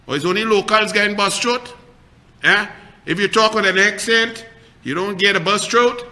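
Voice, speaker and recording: High, bright-voiced Trinidadian man ranting. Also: normal speed. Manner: mocking, heated, scolding. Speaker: political commentator host. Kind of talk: ranting political commentary.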